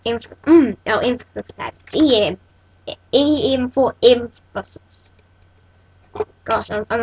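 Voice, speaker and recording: A woman's voice: a little high, a bit bright, breathy edge, poor audio. A woman hosting a casual coding tutorial, thinking aloud and correcting herself as she works. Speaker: tutorial host.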